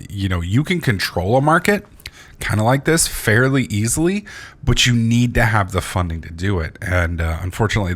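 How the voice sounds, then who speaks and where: A man's voice: fairly low pitch, bright, forceful tone. A man hosting a gaming channel, giving casual gameplay commentary while sleepy, rambling with lots of fillers and restarts and swearing freely.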